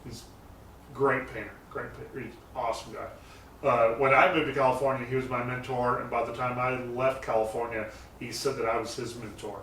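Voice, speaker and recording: A man's voice: medium pitch, steady tone, fairly quick, a bit bright. A man who builds and paints custom cars, telling shop stories in a loose, rambling way with lots of fillers and restarts. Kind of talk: casual interview talk. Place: garage shop. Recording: roomy echo, mic set far off, faint noise.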